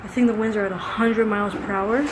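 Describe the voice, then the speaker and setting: A woman's voice: medium pitch, steady tone, quick pace, noisy background. A woman vlogging at home during a storm, anxious and jittery, laughing between frightened remarks. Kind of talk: casual home video vlog.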